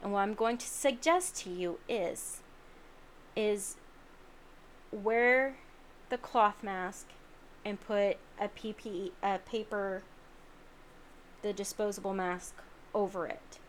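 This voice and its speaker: A woman's voice: medium pitch, steady tone, slow, pauses often, a little hiss or hum. A sleepy woman hosting a late-night solo podcast, talking in an earnest, rambling, self-deprecating way from home. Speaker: podcast host.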